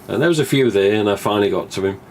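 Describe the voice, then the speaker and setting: Man, live stream host, rambling casual talk, low voice. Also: rapid-fire, slight background noise. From England. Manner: chatty, swears casually, acts out remembered dialogue.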